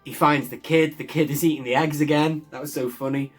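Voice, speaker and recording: A man's voice: on the high side, steady tone, moderate pace, hardly any pauses, faint music behind. A man recapping a TV episode in a casual, enthusiastic way, often chuckling as he talks. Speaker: show reviewer.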